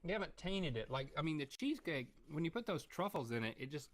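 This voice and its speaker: A man's voice: a little high, big pitch swings, fast talker. A man co-hosting a casual comedic chat, joking and teasing with open disbelief. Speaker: co-host.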